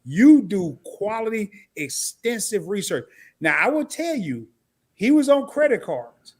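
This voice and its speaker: A man hosting a casual live stream, telling stories with animated energy and talking straight to his viewers. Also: high voice, a little slow, breathy edge. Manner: animated storytelling, talks straight to the chat. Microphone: camera mic.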